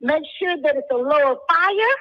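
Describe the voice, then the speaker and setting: A woman's voice: sits high, expressive, normal speed, lo-fi sound. A woman hosting a radio call-in show, coaching a caller with teasing repetition.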